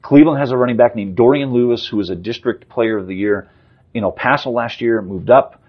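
On a muffled recording, a medium-pitched man in his fifties talks as a sportswriter guest in an informal sports interview. He speaks rapidly off the cuff, often using fillers and restarting.

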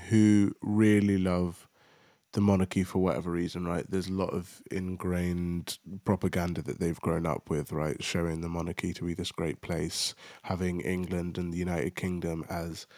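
Man, podcast co-host, thoughtful explaining, very low pitch, dry close sound. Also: a little mellow, no room sound. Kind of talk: casual chat.

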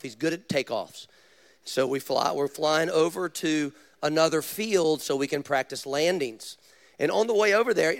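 Animated, storytelling male preacher. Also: a little high. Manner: animated storytelling, direct questions to the audience. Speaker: pastor. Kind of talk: sermon.

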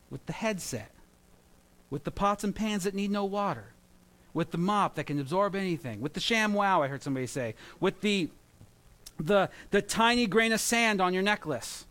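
A man in his thirties preaching a sermon, telling animated stories with jokes and mimicry. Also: high voice. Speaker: pastor.

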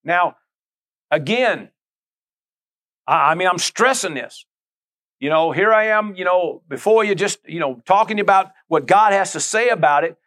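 A man's voice: high voice, animated, a little slow, long pauses, fairly bright tone. A middle-aged male pastor preaching a conversational sermon, full of asides, repeated phrases and calls to the listeners.

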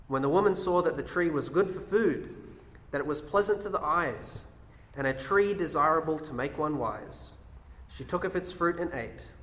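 A man's voice: a little high, a bit bright. Preaching man in an echoey hall. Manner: explains verses, reads aloud, rhetorical questions. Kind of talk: sermon on scripture. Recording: echoey hall with long reverb.

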